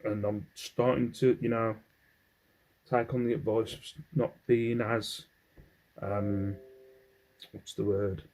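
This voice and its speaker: A man's voice: fairly low pitch, level tone, takes it slowly, pauses often, darkish tone, rough recording. An English man in a casual haul vlog, rambling as he goes through his finds and humming to himself between items. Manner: rambling, hums while sorting items. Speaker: clothing reseller.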